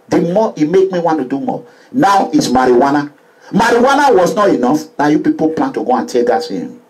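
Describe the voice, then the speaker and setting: A middle-aged man from Edo State with a Nigerian English and Pidgin accent, delivering an impassioned political monologue that swings between low pleading and loud declaiming, with chanted refrains. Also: poor audio. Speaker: political activist vlogger.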